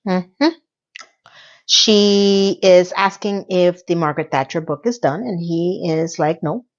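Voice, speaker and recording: A woman casually recapping a TV episode for her viewers, animated and playful, with asides to the audience. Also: lowish voice, slow pace, muffled recording. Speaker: TV recap vlogger.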